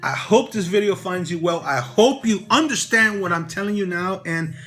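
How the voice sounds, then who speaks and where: A real estate broker and channel host gives casual motivational advice to camera, rambling and dropping many "you know" fillers. His high, fairly bright voice has lively intonation at a normal speed, with faint music behind him.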